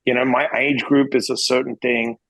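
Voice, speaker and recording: A middle-aged man from Western Australia, an interventionist guest telling blunt, animated stories in a casual interview. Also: moderate pace, gravelly, no room sound, poor audio. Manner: blunt, animated, swings pitch when quoting himself.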